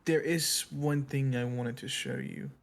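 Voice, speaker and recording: A man voicing a shy young British male wizard student who speaks softly and hesitantly. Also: mid-range voice, big pitch swings, a little slow, creaky. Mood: gentle.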